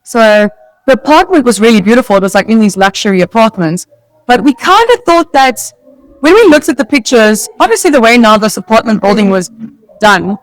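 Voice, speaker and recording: A woman's voice: on the high side, very animated, a little fast, dry recording, low-quality recording. A South African woman co-hosting a casual podcast, telling stories in a chatty way with many "like" fillers. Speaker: podcast co-host. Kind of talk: casual chat.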